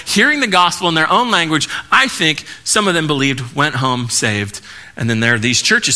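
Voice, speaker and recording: A male pastor giving a casual, animated teaching sermon with joking asides. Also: fairly high pitch.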